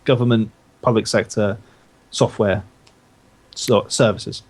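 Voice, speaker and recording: A man's voice: fairly low pitch, steady tone, takes it slowly, darkish tone. A man, a podcaster guest, chatting casually in a teasing way, stammering and chuckling. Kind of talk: casual chat.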